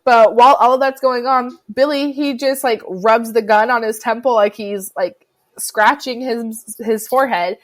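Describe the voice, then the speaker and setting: Woman podcast host retelling a movie scene by scene, lively, does little voices for the quotes. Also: fairly high pitch, normal speed. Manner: animated storytelling, acts out quotes. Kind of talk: casual chat recapping a film.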